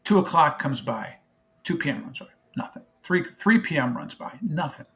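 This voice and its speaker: A man's voice: on the high side, expressive, moderate pace, fairly bright tone. A middle-aged man, a charity founder, telling an emotional story in an interview and acting out both sides of a phone call.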